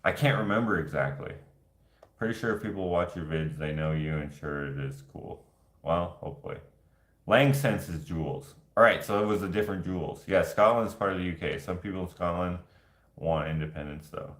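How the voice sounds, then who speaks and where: A man's voice: sits low, normal speed. A man vlogging and answering viewer questions in casual chat, rambling and jokey, laughing easily. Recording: echoey room.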